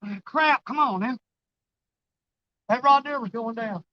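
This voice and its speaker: A man, chatting casually and excitably in a fishing vlog, folksy and joking. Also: very high voice, a little slow, dry recording, dull audio. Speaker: fishing vlogger. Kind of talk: casual outdoor vlog chat.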